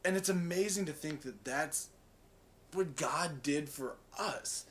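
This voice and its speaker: A young man telling a story in a casual devotional talk, rambling along with lots of "like" and "right?". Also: on the high side. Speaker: student giving a devotional.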